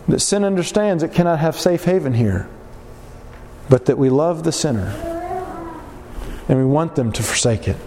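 A man's voice: high voice, in a large hall. Male preacher, sermon, voice jumps all over, faint hum in the room. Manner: animated, rhetorical questions to the congregation.

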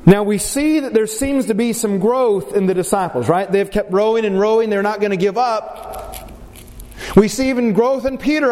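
Animated high-voiced preacher in a hall. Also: male voice, normal speed. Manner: animated, acts out scripture quotes with rising pitch. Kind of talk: sermon. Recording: reverberant hall with faint ambient noise.

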